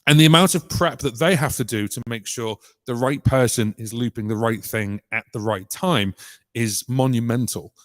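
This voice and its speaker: A British loop musician hosts a casual live-stream tutorial on looping, rambling chattily with plenty of ums and restarts. His mid-range voice comes through a vocal mic and effects unit with no room sound.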